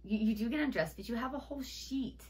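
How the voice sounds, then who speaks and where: A woman's voice: fairly high pitch, fast talker. A woman co-hosting a reaction video, chatting casually with lots of filler words. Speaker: reaction channel co-host. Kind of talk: casual chat.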